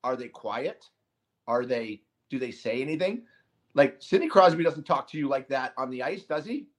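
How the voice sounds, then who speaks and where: A man hosting a casual hockey podcast, talking in an animated, emphatic way with quick asides. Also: mid-range voice. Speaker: podcast host. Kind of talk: casual sports chat.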